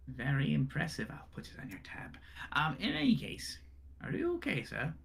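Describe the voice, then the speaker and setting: A man's voice: on the high side, wildly swooping pitch, normal speed, vocal fry, husky, exaggerated voice. A man voicing a smug male burgomaster who condescends to and threatens a guest. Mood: condescending. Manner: menacing, condescending.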